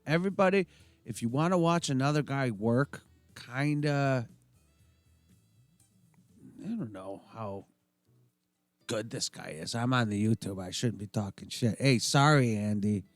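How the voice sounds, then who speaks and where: Podcast co-host, man, mid-pitched, blunt and profane storyteller, dry studio sound. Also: no echo. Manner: blunt, swears freely, rambling storyteller. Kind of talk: casual chat.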